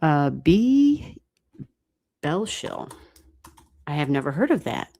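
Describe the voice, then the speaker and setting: An American woman giving astrology readings on a livestream, thinking aloud and chatting with viewers in a relaxed way, with the odd swear word. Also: deep voice, slow pace, vocal fry. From United States. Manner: thinks aloud, talks to chat, mild swearing. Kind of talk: casual livestream chat.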